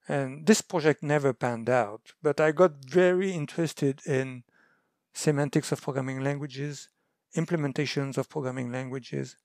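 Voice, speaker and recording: A man's voice: fairly high pitch, creaky, no room sound, clean studio sound. A middle-aged man from France, guest on a remote interview, talking hesitantly with many fillers and restarts. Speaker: guest researcher. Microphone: remote call mic.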